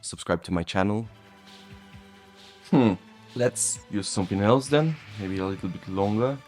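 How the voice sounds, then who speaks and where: A man's voice: on the low side, unhurried, darkish tone. A man with a Polish accent, whose first language is Polish, chatting casually about tech and often chuckling at himself. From Poland. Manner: chuckling, self-mocking. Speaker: tech vlogger. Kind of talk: casual chat. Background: faint background music.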